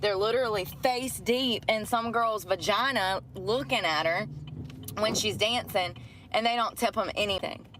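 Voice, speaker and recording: A woman's voice: mid-range voice, normal speed, fairly bright tone, a little hiss or hum, rough recording. A middle-aged woman ranting bluntly and profanely about her job. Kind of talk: candid rant.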